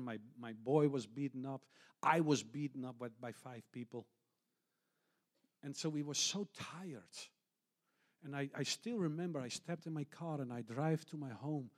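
A man, a pastor and missionary, preaching a testimony sermon, swinging between loud passages and hushed, near-whispered ones, with slightly non-native English phrasing. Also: medium pitch.

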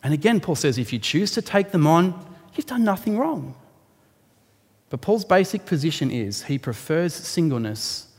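A man preaching a sermon, explaining a Bible passage in an animated way and rising sharply for emphasis. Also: mid-range voice. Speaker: pastor. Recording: long hall reverb.

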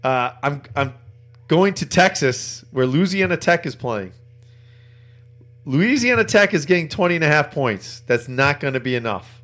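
A man's voice: a little high, animated, normal speed, fairly bright tone, faint music behind. A man hosting a sports betting podcast, chatting casually and rattling off stats and picks, laughing easily. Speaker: podcast host.

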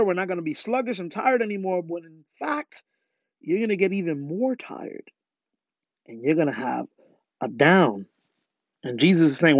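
A man's voice: sits high, no room sound. A man preaching a podcast sermon with fervor, often putting questions to his listeners. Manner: fervent, asks listeners rhetorical questions. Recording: dull lo-fi dry sound.

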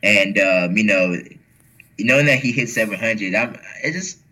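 Male athlete guest, fairly low and bright voice, loose rambling talk. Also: moderate pace, rough recording. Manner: rambling, with many fillers and "man". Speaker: powerlifter guest. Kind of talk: casual interview talk.

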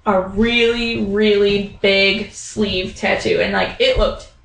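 This is a slow, gravelly, medium-pitched female voice in an echoing space, with slight background noise and rough recording quality. A young woman is casually telling an animated story, voicing the characters and using many fillers like "like" and "um."

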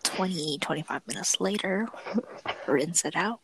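A woman's voice: fairly low pitch, unhurried, fairly bright tone, a little hiss or hum, rough recording. A young woman co-hosting a podcast in casual chat, rambling with lots of fillers and giggles. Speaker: podcast co-host.

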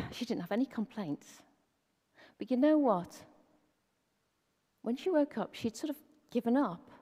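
A woman's voice: on the high side, animated, unhurried, long pauses, warm tone. A middle-aged woman giving a conversational sermon as a preacher, often asking the listeners rhetorical questions. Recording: long reverb of a hall.

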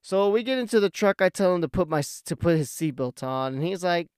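A young man tells a story to camera in a loose, rambling way, cussing often. His voice sits a bit high for a man and comes through very clean. The recording is dry, with no room echo. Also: lively intonation, a little fast, few pauses, a little mellow, clean tone. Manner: profane, rambling. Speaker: vlogger. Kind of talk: casual storytelling.

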